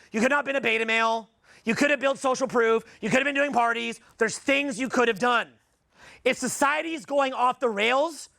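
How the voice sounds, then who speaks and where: Canadian man in his 40s, seminar speaker: blunt, profane, gravelly edge, very high voice for a man. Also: bright, forceful tone, no echo, studio quality. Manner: profane, blunt, rhetorical questioning of the audience. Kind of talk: live seminar talk to a room.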